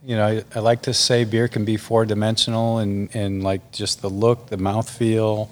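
A laid-back man speaks as a podcast guest about his brewery. His voice sits low, and he often restarts his sentences. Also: flat delivery, normal speed. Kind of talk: casual interview chat.

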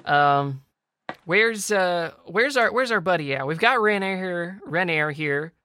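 Bright, easygoing male game player. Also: sits high, expressive, a little slow, no room sound, studio quality. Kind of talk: casual tabletop game play.

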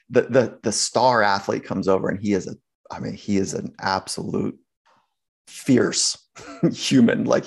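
A man speaking as a sports psychologist guest, telling anecdotes in an animated way, acting out the voices he quotes and laughing often. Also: fairly low pitch, creaky, slightly rough. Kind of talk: anecdotal storytelling in conversation.

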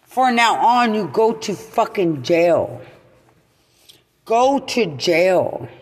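A woman veteran in an angry, profane rant, repeating accusations and at times breaking into shouts. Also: mid-range voice, sing-song, very slow. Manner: furious, swearing, repetitive accusations, shouting at times. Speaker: military veteran. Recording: long echoing reverb.

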